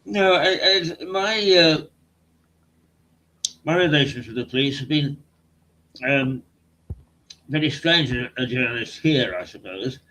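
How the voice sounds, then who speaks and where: Halting older man hosting a chat. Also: medium pitch, animated, bright, forceful tone, a little hiss or hum, rough recording. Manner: halting, hesitant storyteller. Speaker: host and journalist. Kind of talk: casual chat on a video stream.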